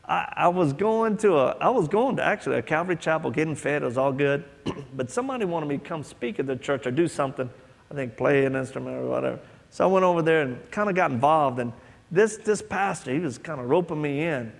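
A man delivers a sermon and tells stories, acting out the voices in them. His voice is gravelly and sits a little high for a man. It rings with the long reverb of a big hall. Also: lively intonation, brisk. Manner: storytelling, acts out quoted voices. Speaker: preacher. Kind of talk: sermon with personal story.

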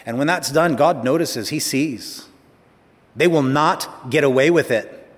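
A male pastor preaching a sermon in a church, emphatic, slowing down and speeding up and rising to stress his points. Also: fairly high pitch. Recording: long hall reverb.

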